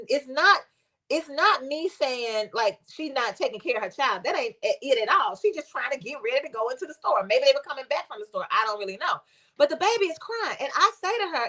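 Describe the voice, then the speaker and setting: A woman pastor preaches in a loose, conversational way, letting a personal story build in fervor. Her voice sits high and rings bright and sharp.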